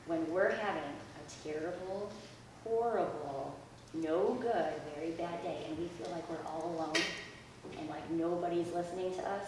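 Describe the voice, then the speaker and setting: A woman giving a children's message in church, reading a storybook aloud in a gentle, sing-song way. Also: lowish voice. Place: church sanctuary. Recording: echoey room from far off with background noise.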